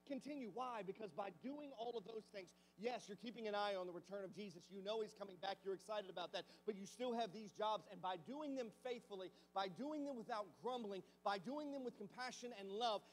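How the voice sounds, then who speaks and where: A man's voice: high voice, in a large hall, slight background noise. A man preaching a sermon as pastor, talking conversationally and asking the congregation many rhetorical questions. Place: church sanctuary.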